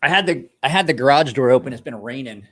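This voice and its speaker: A man's voice: medium pitch, animated, fast talker, a bit bright. A man chatting casually on a live stream, rambling, restarting words, and talking to his dog in between.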